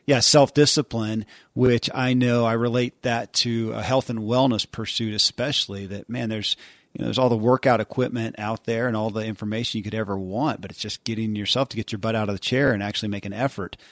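A man's voice: fairly low pitch, fairly even intonation, brisk, no echo. A man hosting a podcast interview, asking long, enthusiastic, rambling questions with plenty of fillers. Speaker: podcast host. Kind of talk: conversational interview.

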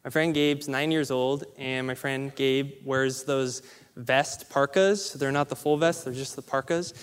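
A man's voice: medium pitch, unhurried, clear, resonant tone. A man giving a motivational storytelling speech, acting out the people in his stories. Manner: animated storyteller acting out quotes. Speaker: motivational speaker. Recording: long hall reverb.

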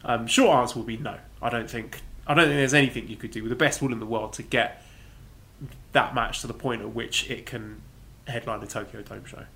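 A man co-hosting a wrestling podcast, reading listener questions and answering in a dry, measured, teasing way. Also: medium pitch, steady tone, creaky, bright, forceful tone. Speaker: podcast co-host.

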